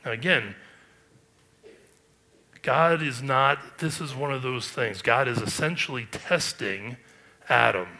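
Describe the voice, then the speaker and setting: A man's voice: medium pitch, bright, forceful tone. A man preaching a sermon, earnest and emphatic, with rhetorical questions. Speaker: pastor.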